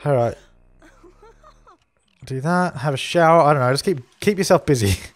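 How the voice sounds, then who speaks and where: A man's voice: on the high side, normal speed, no echo. A man hosting a let's play, chatting casually and giving orders to the characters on screen as he plays. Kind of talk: casual gameplay commentary.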